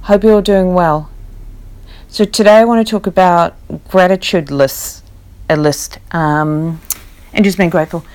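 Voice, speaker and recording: A woman's voice: lowish voice, steady tone, measured pace, a little mellow. A tired woman, talking candidly and reflectively in a rambling personal spiritual vlog. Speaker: vlogger.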